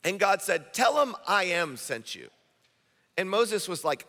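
A male pastor preaching a sermon in an energetic, conversational style, repeating phrases for emphasis. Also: sits high, measured pace. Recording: long hall reverb.

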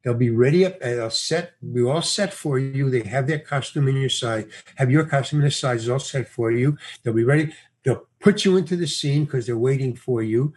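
Husky man telling a lively story. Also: mid-range voice, normal speed. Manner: animated storyteller, acts out dialogue, laughs often. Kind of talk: casual anecdote.

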